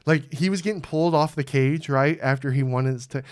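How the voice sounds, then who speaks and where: A man in casual podcast chat, with a slightly high, smooth, crisp voice. He talks in an animated, profane way and loudly acts out quotes. The sound is dry and close. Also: brisk, no echo. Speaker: podcast host.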